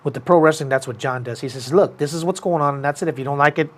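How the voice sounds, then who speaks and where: A somewhat high-voiced man chatting casually on a combat sports show. He tells his story with animated energy and slips into a raised voice whenever he quotes someone. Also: fast. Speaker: podcast host.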